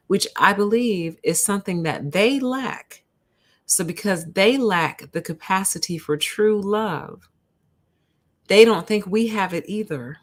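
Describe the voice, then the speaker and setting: A woman hosting a livestream, telling a story to her chat in an animated way and calling her listeners honey and y'all. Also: fairly low pitch. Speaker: host.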